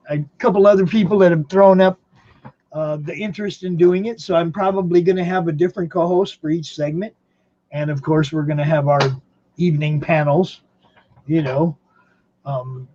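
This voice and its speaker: A man's voice: fairly high pitch, mellow, dull audio. A man hosting a podcast from home in rambling casual chat, laughing often. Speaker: podcast host.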